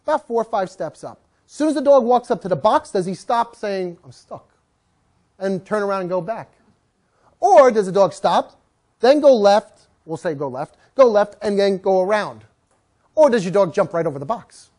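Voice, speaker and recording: A dog trainer giving an informal training talk, lively and often acting out what the dogs seem to be thinking. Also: mid-range voice, normal speed. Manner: animated, acts out what dogs are thinking.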